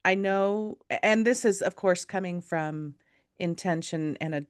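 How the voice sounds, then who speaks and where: A woman's voice: on the low side, unhurried, clean tone, no echo, studio quality. A woman co-hosting a podcast, talking in a loose, rambling way with frequent laughs and restarts. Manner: rambling, laughs often, self-interrupting. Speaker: podcast co-host. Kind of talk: casual conversation.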